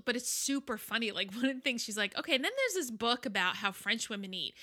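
Bright, profane woman telling a story. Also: fairly high pitch, animated, fast talker. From Egypt. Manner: candid, profane, laughing storyteller. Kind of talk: casual chat.

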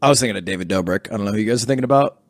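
A man's voice: fairly low pitch, very fast, no echo, clean studio sound. A young man telling a story in a casual podcast chat, rambling and sheepish, with many fillers and restarts. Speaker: podcast guest.

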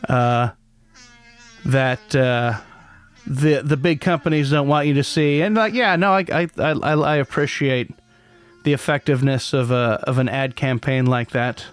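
A man's voice: mid-range voice, steady tone, measured pace, clear, resonant tone. A man hosting a casual solo podcast, rambling with many restarts and a sardonic edge. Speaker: podcast host.

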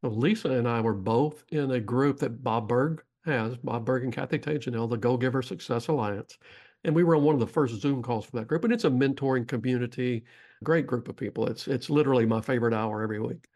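A middle-aged man with a Texas drawl tells stories on a podcast at a relaxed, winding pace. His voice sits in an ordinary middle pitch, and he wanders through asides before getting to the point. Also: a little fast. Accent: Texan. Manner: folksy, rambling storyteller. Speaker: podcast guest. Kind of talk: storytelling interview.

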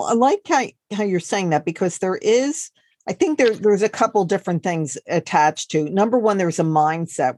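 A woman's voice: on the low side, a little mellow, no room sound, clean studio sound. A woman hosting an interview, engaged and asking follow-up questions. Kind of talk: interview host.

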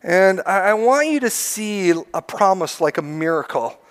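Middle-aged male pastor, higher than usual voice, earnest preaching with lots of questions and restarts. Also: expressive, measured pace. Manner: earnest, repeats words, asks many questions. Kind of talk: sermon.

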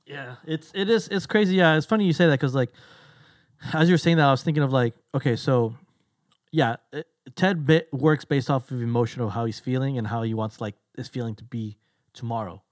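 Man, podcast co-host, quick loose delivery, casual chat, dry sound. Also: medium pitch, no echo. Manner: rapid, loose retelling with quick voiced asides.

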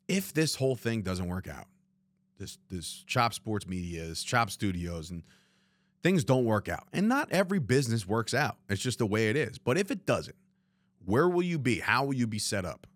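A man's voice: fairly low pitch, fairly bright tone, dry recording. A man hosting a solo podcast from a studio, talking candidly and rambling with swearing and lots of "you know what I mean.". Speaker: podcast host. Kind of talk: reflective solo podcast monologue. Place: studio room, alone.

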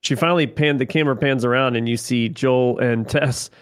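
A man co-hosting a casual podcast, retelling a TV episode and acting out its lines in an animated way. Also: medium pitch, a little fast, clear, resonant tone. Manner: animated retelling, acts out quotes. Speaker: podcast co-host. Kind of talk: casual recap chat.

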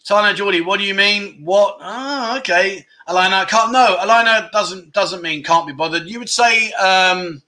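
A man's voice: high voice, normal speed, hardly any pauses, bright, forceful tone. A man hosting a casual livestream chat, talking loosely and cutting himself off as he laughs at his own slips. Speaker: livestream host.

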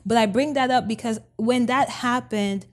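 A woman's voice: a little high, normal speed. A woman from Nigeria, a pastor and podcast guest, telling a story animatedly and acting out her own past words.

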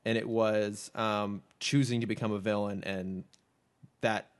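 A man's voice: on the low side, flat delivery, unhurried. A man hosting a podcast in casual chat, thinking aloud and rambling with many restarts. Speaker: podcast host.

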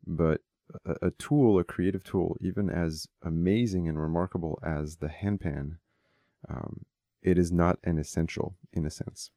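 A man with a deep, mellow voice talks as a podcast guest. He lays out ideas in a thoughtful, measured way. The recording is close and dry. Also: steady tone, no echo. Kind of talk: casual conversation.

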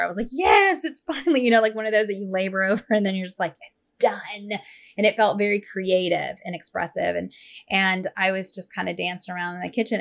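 A woman in her thirties hosting a podcast, chatting casually and telling stories with animated, playful touches. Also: fairly low pitch, creaky. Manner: warm, animated storytelling with playful voices. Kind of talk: casual conversation.

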